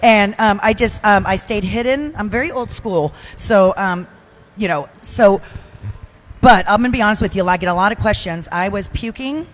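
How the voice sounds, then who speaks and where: A woman's voice: mid-range voice, moderate pace. An older woman chatting as a podcast guest, emotional and self-deprecating, with frequent restarts. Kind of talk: casual chat.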